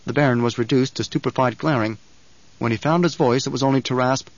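A man's voice: mid-range voice, fairly even intonation, quick pace, no echo. Man narrating an audiobook, dry and dull. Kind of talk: scripted narration.

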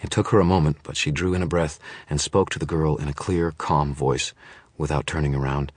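A man giving a measured, brooding first-person audiobook narration. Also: rumbling low, steady tone, breathy edge, dry recording.

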